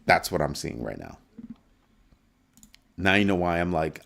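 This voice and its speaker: A man hosting a casual live-stream crypto show, talking through numbers with animated swings between calm and mock panic. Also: low-pitched, unhurried, vocal fry, pauses often.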